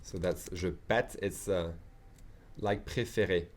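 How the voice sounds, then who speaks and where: Casting: middle-aged French man, French accent, lowish voice, relaxed tutor for beginners, repeats and checks in. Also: measured pace, a little hiss or hum. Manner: chatty, repeats phrases and checks in with "d'accord". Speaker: French teacher. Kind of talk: beginner language lesson.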